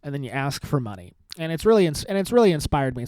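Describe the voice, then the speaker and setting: A man's voice: a little high, sing-song, quick pace, a little mellow, no echo. A male comedian hosting his podcast alone, rambling in a sarcastic, self-mocking way and saying "dude" often. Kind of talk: rambling solo podcast sign-off.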